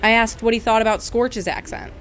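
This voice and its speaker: A woman reporter narrating a scripted radio news feature in a measured way. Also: on the high side, fairly even intonation, a bit bright.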